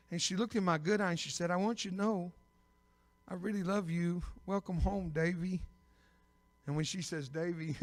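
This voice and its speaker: An older man preaching a personal testimony sermon as an evangelist, telling his story with bursts of loud emphasis and dry humor. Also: high voice. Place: church sanctuary. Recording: long reverb of a big church.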